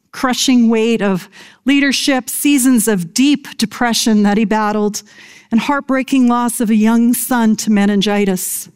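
A middle-aged woman preaches in a slow, deliberate sermon. Her voice sits a touch high and she lingers over each phrase. On key lines she drops to a hushed whisper. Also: smooth.

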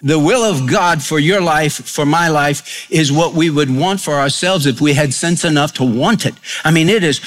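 A male pastor delivering a sermon with a slightly higher-pitched voice. He tells homely stories and acts out the lines of the people in them. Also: fairly bright tone. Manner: folksy storytelling, acts out quotes.

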